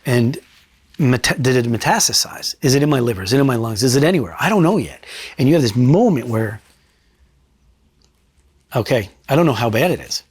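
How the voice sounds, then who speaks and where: A middle-aged man and retired state trooper, telling his story bluntly in a sit-down interview, swearing freely and pausing to reflect. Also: mid-range voice, expressive, a little mellow, slightly rough, dry recording. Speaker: retired state trooper and crime scene investigator.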